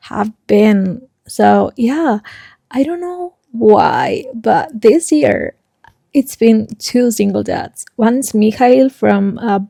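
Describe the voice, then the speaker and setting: A woman's voice: a little high, vocal fry, mellow, no echo, studio quality. A young woman chatting casually in a reading vlog, rambling and emotional, swearing often and sometimes dropping to a whisper. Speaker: book vlogger.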